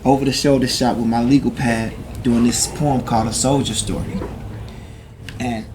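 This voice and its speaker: Middle-aged man, guest storyteller: loose, slangy, profane, animated, mid-pitched, noisy recording. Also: moderate pace. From Chicago, USA. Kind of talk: casual storytelling in conversation. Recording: noisy background hiss.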